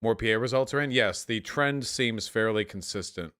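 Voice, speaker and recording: A man's voice: fairly low pitch, moderate pace, a bit bright, clean tone. A man casually reacting to clips on a stream, offhand and sarcastic, full of "dude" and "like.". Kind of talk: casual commentary.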